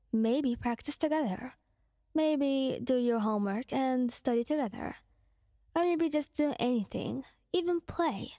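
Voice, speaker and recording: Chatty, fairly high-voiced woman. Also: mellow, no room sound, clean studio sound. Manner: chatty, rambling, bubbly. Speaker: ASMR creator. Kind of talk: casual chat to viewers.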